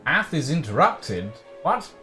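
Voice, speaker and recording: A man playing a game with a friend, wry and quick to swear. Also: fairly high pitch, sing-song, bright, forceful tone. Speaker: gamer. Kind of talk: casual gameplay chat. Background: game music.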